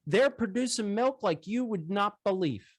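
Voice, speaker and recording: A folksy, amazed dairy farmer tells a neighbor's tale in a voice pitched well above the speaker's own, as a man puts him on in an interview. The voice runs excitedly through drawn-out quotes. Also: slightly rough, no echo, studio quality. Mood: marveling. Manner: excited storytelling with drawled quotes.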